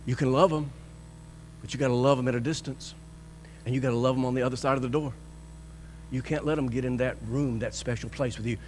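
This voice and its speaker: A pastor preaching a sermon with emphatic delivery. He swings between loud, high bursts and soft, low lines, acts out the voices he quotes, and chuckles often. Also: fairly even intonation, quick pace, pauses often, a little hiss or hum.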